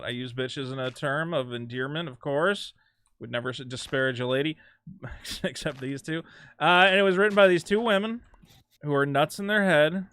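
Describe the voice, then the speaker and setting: A man hosting a call-in show, chatting in an animated way and sometimes breaking into loud mock shouting. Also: fairly high pitch, moderate pace, clean tone. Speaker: host.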